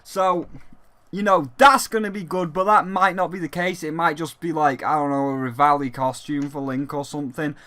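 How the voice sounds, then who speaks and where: A gaming YouTuber giving an excited, rambling recap of a games event, swearing freely. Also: medium pitch, normal speed. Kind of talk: excited event recap while live on a call.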